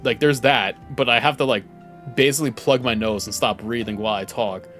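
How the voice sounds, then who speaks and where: A man's voice: mid-range voice, steady tone, fairly quick, fairly bright tone, faint music behind. A young man streaming a game, rambling casually and joking at himself. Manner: rambling, self-deprecating, reads game text aloud. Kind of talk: casual gameplay commentary.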